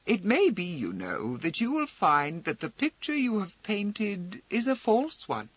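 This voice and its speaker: A man voicing a proud, composed noblewoman who speaks in a brisk, wry, commanding way, in an audiobook. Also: sits high, huge pitch swings, no room sound, muffled recording, pitched above the performer's own voice, full character voice.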